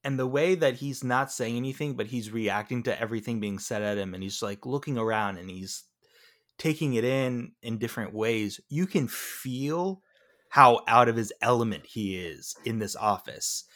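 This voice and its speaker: A man's voice: medium pitch, normal speed, a bit bright. A man co-hosting a casual movie podcast, talking with rambling enthusiasm and many restarts. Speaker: podcast co-host. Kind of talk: casual movie review chat.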